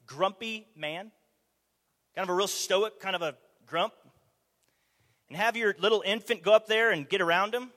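A man preaching a conversational sermon, animated, asking the audience rhetorical questions, in a church or meeting hall. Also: sits high. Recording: long hall reverb.

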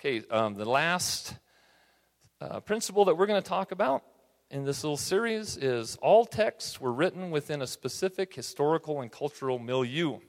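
A man's voice: a little high, animated, normal speed. A man teaching a Bible study class in a conversational way, often checking in with his listeners. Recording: reverberant hall.

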